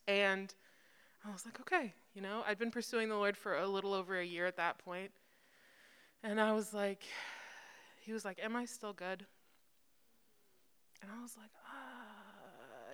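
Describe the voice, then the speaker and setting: Young woman giving a personal testimony talk, jokey and candid, smooth clear voice. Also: medium pitch, fairly bright tone. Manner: candid, self-deprecating, laughs often. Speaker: speaker at a church youth gathering.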